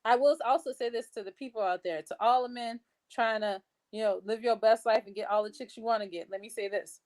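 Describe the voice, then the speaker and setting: Woman cohost, kinda high voice, blunt, swears a lot, just chatting. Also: a little fast, a little mellow. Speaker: podcast co-host. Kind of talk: casual podcast chat.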